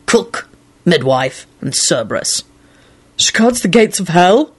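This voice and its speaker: A woman's voice: low-pitched, very animated, moderate pace, a bit bright, slightly rough, no echo, heavily acted. A woman voicing a moody, volatile man who mumbles and snarls, in an audiobook. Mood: sullen. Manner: sullen, snarling.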